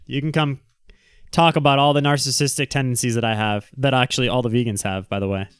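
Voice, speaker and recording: A man's voice: mid-range voice, fairly even intonation, fast talker, smooth, no room sound, studio quality. A man hosting a casual livestream, reading the chat aloud and answering in a brash, teasing, joking way. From Southern California.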